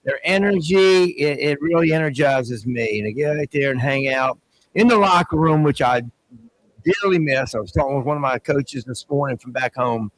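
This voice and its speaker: A man, a baseball coach, chatting in a wry, relaxed way. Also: mid-range voice, moderate pace, slight background noise, poor audio. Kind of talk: casual chat.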